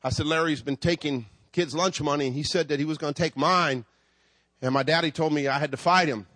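A man's voice: a little high, brisk, fairly bright tone, no room sound. A man in his fifties preaching a sermon, telling a personal story before building to emphatic preaching. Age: 50s. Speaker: pastor.

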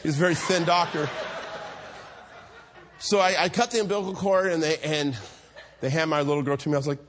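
A man preaching a storytelling sermon, animated, acting out the voices in his stories and laughing often. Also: fairly high pitch, a little fast.

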